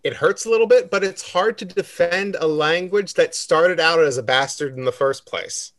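A man's voice: fairly high pitch, moderate pace, a bit bright, no room sound. Casual man explaining history. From United States. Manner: lecturing with fillers and restarts. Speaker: podcast co-host explaining history. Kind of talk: casual chat.

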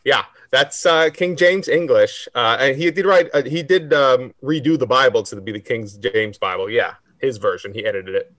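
American man, podcast co-host, explains history loosely, mid-pitched, dry close sound. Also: normal speed, few pauses, fairly bright tone, dry recording. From United States. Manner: lecturing with fillers and restarts. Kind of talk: casual chat.

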